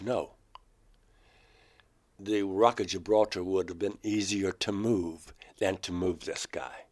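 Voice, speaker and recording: Speaking with a fairly low pitch, this older Georgia man is a guest in an interview. He earnestly shares personal experiences, breaking into sudden loud outbursts as he reenacts conversations from memory.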